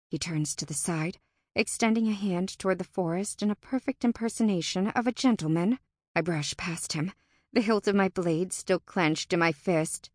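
A woman narrating a first-person fantasy audiobook in an expressive, tense and dramatic manner. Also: on the low side, moderate pace, no echo, studio quality.

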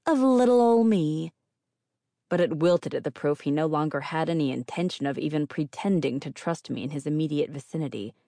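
A woman's voice: deep voice, gravelly, a little mellow, no room sound. A woman narrating first-person fiction as an audiobook reader, with a wry, dry delivery.

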